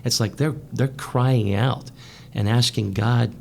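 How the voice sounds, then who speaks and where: A man hosting a radio show, asking a guest questions in a calm, conversational way. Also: medium pitch, slow pace, vocal fry, slight background noise. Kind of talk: interview questions.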